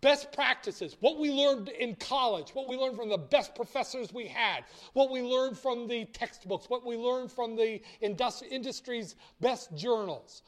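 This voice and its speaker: A man's voice: very high-pitched, measured pace, hardly any pauses. A man lecturing on finance in a blunt, theatrical way, acting out little dialogues. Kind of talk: recorded lecture.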